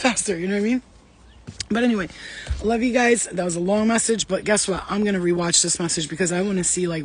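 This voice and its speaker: A man hosting a casual live stream as a spiritual reader, talking fast, swearing freely and joking with his viewers. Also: high voice. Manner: fast, profane, playful, talks straight to chat.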